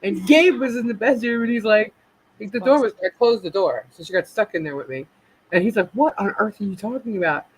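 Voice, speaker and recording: A woman's voice: medium pitch, animated, fairly quick, slightly rough, low-quality recording. A woman co-hosting a casual live chat, telling stories and acting out her pets. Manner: chatty storyteller, acts out her pets. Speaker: co-host.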